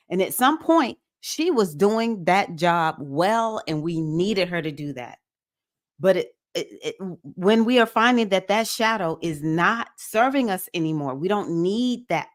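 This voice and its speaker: A woman hosts a live-streamed spiritual circle in a casual, heartfelt way. She talks straight to her listeners and often acts out quoted lines. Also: on the low side. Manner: casual, conversational, animated with acted-out quotes. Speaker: host of a women's spiritual circle. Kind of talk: live-stream motivational talk.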